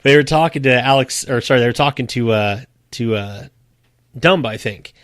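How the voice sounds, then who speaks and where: A man's voice: medium pitch, normal speed, a bit bright, no echo, clean studio sound. A man co-hosting a casual sports podcast, chatty and laughing often as he tells stories. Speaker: podcast co-host.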